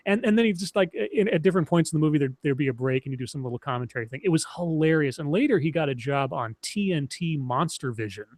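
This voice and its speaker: A man in his thirties chatting casually on a stream, telling rambling, animated stories with many restarts. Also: a little high, fast talker, hardly any pauses, dry recording. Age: 30s. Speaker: streamer co-host. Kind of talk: casual chat.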